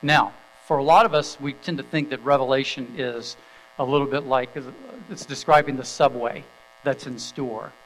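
A man's voice: medium pitch, fairly even intonation, normal speed, a bit bright, slight background noise, poor audio. A middle-aged man preaching a sermon, telling a story in an easy, conversational way with small fillers, then reading scripture aloud. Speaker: pastor.

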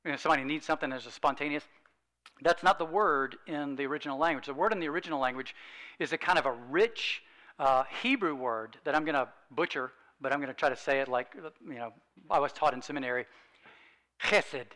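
A man preaching a sermon, earnest and emphatic, slowing down to read scripture and dropping soft on key points. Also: fairly high pitch, poor audio.

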